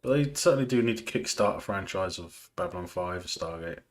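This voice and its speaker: A man's voice: sits low, animated, fairly quick. A man casually chatting and joking as he hosts a film watch party, laughing often. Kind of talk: casual live commentary while watching a film.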